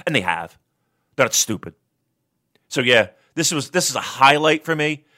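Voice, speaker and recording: Excitable, profane man with a bright voice. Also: medium pitch, moderate pace. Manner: profane, excitable, builds to shouting rants. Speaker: wrestling podcast co-host. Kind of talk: casual review chat.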